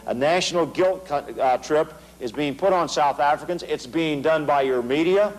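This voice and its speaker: Middle-aged American man, fairly high voice, emphatic stage lecturer with sarcastic, repetitive punch. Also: moderate pace, few pauses, low-quality recording. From United States. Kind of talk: political lecture to a large audience. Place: large hall before an audience.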